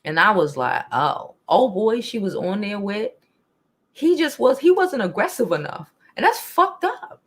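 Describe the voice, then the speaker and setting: A young woman, hosting a casual live stream, talking bluntly and profanely, animated, and reading chat comments aloud. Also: mid-range voice, unhurried, breathy edge.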